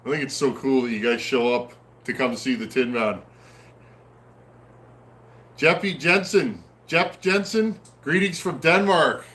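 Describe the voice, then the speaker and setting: Guy doing a laid-back live chat, reading comments out loud, lots of ums and uhs, friendly, mid-pitched voice. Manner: friendly and easygoing, frequent "um" and "uh" pauses. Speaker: host of a livestream on chainsaw repair. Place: at home in a snowy area.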